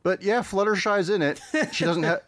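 A man's voice: high-pitched, normal speed, a bit bright, dry recording, studio quality. A man hosting a podcast, chatting casually with many fillers and restarts. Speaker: podcast host.

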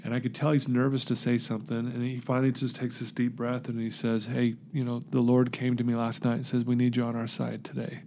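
A man's voice: medium pitch, monotone, brisk, few pauses, a little mellow. A man, a podcast guest, telling a personal story in earnest, acting out the dialogue he recounts. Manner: earnest, emotional.

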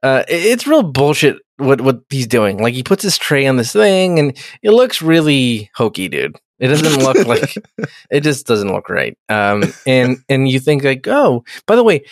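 A man's voice: mid-range voice, big pitch swings, moderate pace, hardly any pauses, dry recording. Profane, rambling man with a dry, close sound. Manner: profane, rambling, acts out characters' lines. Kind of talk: casual chat recapping a TV episode.

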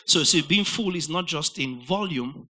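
A man's voice: a little high, expressive, unhurried, pushed and bright, poor audio. A man preaching a sermon, explaining Greek words with repetition and quizzing his listeners. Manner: emphatic teacher, repeating words and quizzing listeners.

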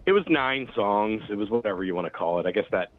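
Guest musician, man, very low voice, rambling and relaxed, phone-quality audio. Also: quick pace. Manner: rambling, filler-heavy, relaxed storytelling. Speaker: band member guest. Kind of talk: casual interview talk. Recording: phone-like narrow sound.

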